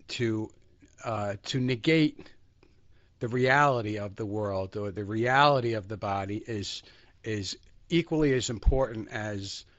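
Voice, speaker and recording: A man slowly reading a spiritual text aloud and reflecting on it, halting with fillers. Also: medium pitch. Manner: slow, hesitant, halting with fillers. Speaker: spiritual study group reader. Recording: dull lo-fi sound.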